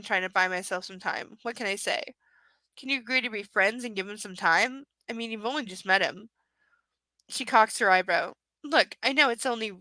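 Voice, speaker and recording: A woman's voice: fairly high pitch, pushed and bright, dry recording, poor audio. A woman reading a romance novel aloud live, breaking off for sarcastic, swearing jokes about the text. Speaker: reader of a novel.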